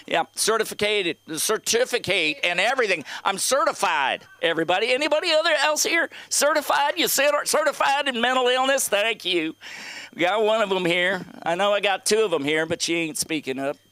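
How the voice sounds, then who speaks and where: A man's voice: sits high, expressive, fairly quick, pushed and bright, clear, resonant tone, no echo. A middle-aged man doing open-mic stand-up on a comedy club stage, rambling, profane and talking straight to the crowd.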